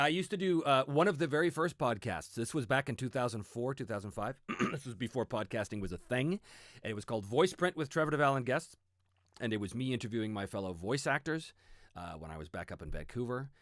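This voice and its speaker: Animated middle-aged man, very lively pitch. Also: dry recording, clean studio sound. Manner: animated, chatty, many fillers. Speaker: host. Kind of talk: casual livestream Q&A.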